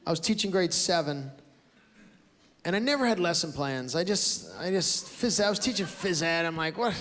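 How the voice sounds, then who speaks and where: A Canadian comic with a high, expressive male voice speaks at a moderate pace during a stand-up set before a live audience on a large theater stage. He's brash and loud, acting out outbursts as he tells stories. The roomy live recording captures the crowd laughing.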